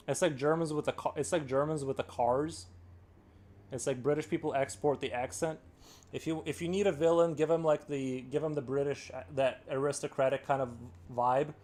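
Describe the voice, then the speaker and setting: A man's voice: on the high side, a little mellow. Rambling man chatting on a live stream. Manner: rambling, heavy filler "like". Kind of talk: casual live-stream chat.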